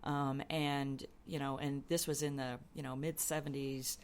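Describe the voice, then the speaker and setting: A woman in her sixties, a radio show guest telling animated stories about her career and acting out the people she quotes. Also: rumbling low, unhurried, a little hiss or hum. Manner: animated storyteller, acts out quoted voices, laughs easily. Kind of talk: casual storytelling interview.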